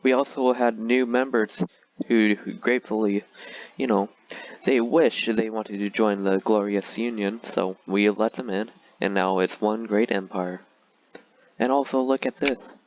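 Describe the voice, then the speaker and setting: A man's voice: lowish voice, steady tone, unhurried, dull audio. A man talking casually and sarcastically through a strategy game, with frequent filler words. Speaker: gaming video creator.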